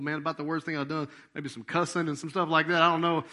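A man preaching a sermon as pastor, animated, dropping to soft asides and jumping to loud acted-out quotes. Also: on the high side, quick pace.

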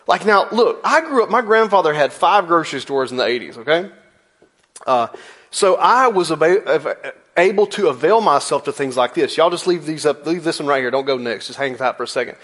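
A man's voice: a little high, animated, a little fast, a bit bright. A man in his forties preaching a sermon in a church, telling a story with playful asides. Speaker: pastor.

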